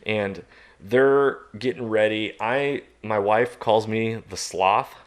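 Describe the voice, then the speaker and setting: Male podcast guest, low-pitched, casual animated storyteller who pokes fun at himself. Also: takes it slowly. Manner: animated, self-mocking, chuckles at his own story.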